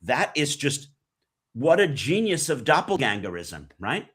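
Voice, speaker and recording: A man's voice: mid-range voice, big pitch swings, measured pace, fairly bright tone, breathy edge. A man who hosts a podcast, giving emphatic interview commentary full of rhetorical questions. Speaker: podcast host as guest.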